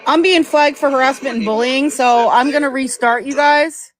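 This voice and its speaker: A woman's voice: high-pitched, normal speed, slight background noise. A woman hosting a live stream, talking earnestly and conversationally and thanking her viewers. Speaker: livestream host.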